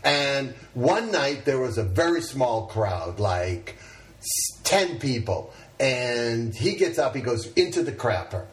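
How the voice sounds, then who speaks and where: A man's voice: mid-range voice, very animated, slow pace. A male comedian chatting casually and telling stories, often restarting his sentences. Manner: conversational, with stammered restarts. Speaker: stand-up comedian. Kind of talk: casual storytelling chat. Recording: echoey room, far from mic.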